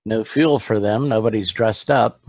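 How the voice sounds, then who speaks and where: A man's voice: fairly low pitch, normal speed, no echo. A man co-commentating on an endurance car race with dry, wry humor. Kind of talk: casual race commentary banter.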